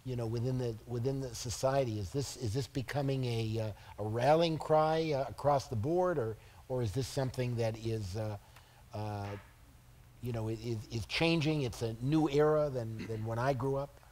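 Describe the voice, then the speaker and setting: Man moderator, mid pitch, halting questions. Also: a little mellow. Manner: halting, repeats words. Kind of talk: moderating a public forum.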